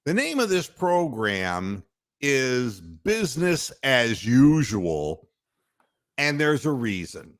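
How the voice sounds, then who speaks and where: Animated man hosting sports talk. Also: mid-range voice. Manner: animated storyteller, mock-outraged, laughs often. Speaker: podcast host.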